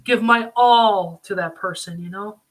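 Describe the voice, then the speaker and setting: A man talking casually at home, reviewing a TV series in a rambling, excitable way with lots of fillers. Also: high voice, a little slow. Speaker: video reviewer. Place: home room.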